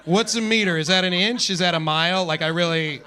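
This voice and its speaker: A man's voice: high-pitched, a little fast, pushed and bright, smooth. A young man doing a stand-up comedy set on a club stage, rambling and self-deprecating with lots of fillers.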